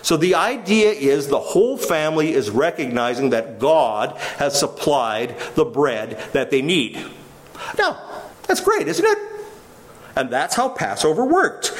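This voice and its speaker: A man's voice: a little high, very animated, unhurried. A man preaching a sermon, teaching with questions that he then answers himself. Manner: teaching, asks the listeners questions and answers them.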